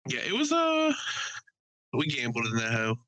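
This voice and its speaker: A man's voice: medium pitch, huge pitch swings, moderate pace, bright, forceful tone, dry recording, low-quality recording. A man on a casual podcast, animatedly telling an anecdote, swearing freely and quoting people he met. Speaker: podcast co-host. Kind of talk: casual storytelling chat.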